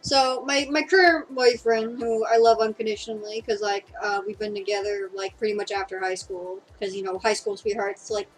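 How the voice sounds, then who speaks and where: A woman's voice: mid-range voice, fairly even intonation, moderate pace, few pauses, faint music behind, poor audio. A young woman from Seattle chatting casually, rambling with lots of fillers and swearing. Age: young adult. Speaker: podcast co-host. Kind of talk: casual chat.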